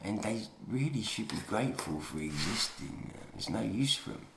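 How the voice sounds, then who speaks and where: A man's voice: on the low side, big pitch swings, normal speed, vocal fry, background noise. Rambling man, roomy echo. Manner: meandering, swears, drops to mutters then rises to emphatic outbursts. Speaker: YouTube monologuist. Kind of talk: rambling to-camera monologue. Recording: roomy, echoey room sound.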